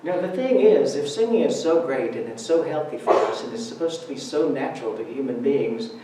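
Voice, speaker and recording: A man's voice: mid-range voice, animated, brisk, heavy background noise. A man giving a Sunday talk at church, telling stories conversationally with humor. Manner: conversational, humorous storytelling with laughs. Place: church sanctuary. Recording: roomy church hall, speaker far from mic.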